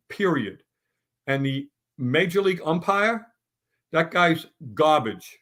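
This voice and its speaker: A man's voice: a little high, lively intonation, slow pace, fairly bright tone. A middle-aged man on a sports talk round table, ranting bluntly and stumbling through restarts as he builds his points.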